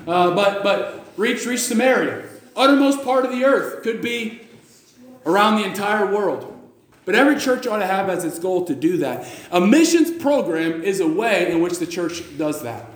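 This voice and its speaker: A man's voice: high voice, expressive, normal speed. A man preaching a sermon, emphatic, repeating phrases and restarting often, reading scripture in old-fashioned wording. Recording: echoey church hall.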